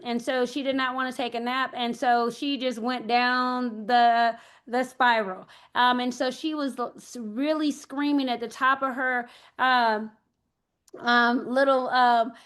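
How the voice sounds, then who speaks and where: A woman's voice: a little high, steady tone, a little slow, a bit bright, smooth. An older woman, an early childhood educator, giving a parent workshop talk, hesitant and thinking aloud as she tells anecdotes.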